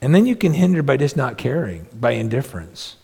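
A man's voice: mid-range voice, sing-song, fairly quick, gravelly, mellow, husky. A middle-aged man preaching a sermon as pastor, earnest and conversational, with self-deprecating humor. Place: church sanctuary. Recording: long reverb of a large hall.

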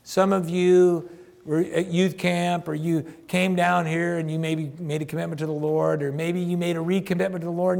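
Gravelly-voiced pastor in his fifties. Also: fairly high pitch, flat delivery, normal speed, a little mellow. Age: 50s. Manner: conversational, emphatic, addresses congregation directly. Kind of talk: sermon.

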